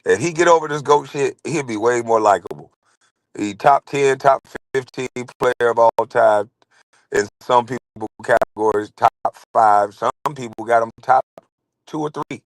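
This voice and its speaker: A man's voice: mid-range voice, unhurried, no echo, low-quality recording. A man in his forties hosting a casual commentary show, talking in a blunt, rambling and heated way. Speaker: show host.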